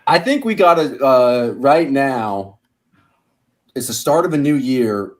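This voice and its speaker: A man's voice: medium pitch, lively intonation, takes it slowly. A man hosting a casual sports podcast, chatty and upbeat, laughing easily. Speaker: podcast host.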